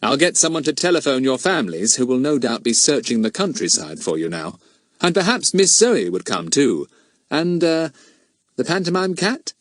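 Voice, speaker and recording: A man's voice: mid-range voice, sing-song, normal speed, no echo, studio quality, voice pushed up, lightly acted. A man doing a genial, formal police inspector. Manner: courteous, formal and kindly teasing. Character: genial, dignified middle-aged police inspector.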